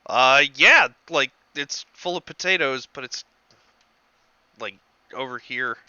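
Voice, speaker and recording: Slow, bright-voiced male game master. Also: mid-range voice, clear, resonant tone, no echo, muffled recording. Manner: halting, laughs easily. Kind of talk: narrating a tabletop game.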